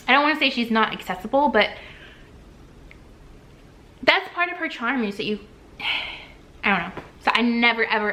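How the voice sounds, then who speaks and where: A young woman tells her story straight into the camera in a bright, clear, somewhat high voice. She gushes as she talks, rushing through lots of fillers and restarts. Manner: gushing, breathless, many fillers and restarts. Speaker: vlogger.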